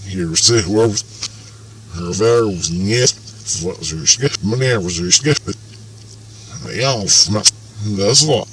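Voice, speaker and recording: A man's voice: lowish voice, takes it slowly, long pauses, fairly bright tone. Garbled reversed-speech voice, a man, slurred, far off with faint hiss. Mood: murmuring. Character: garbled man's voice played backward. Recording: distant, faintly noisy.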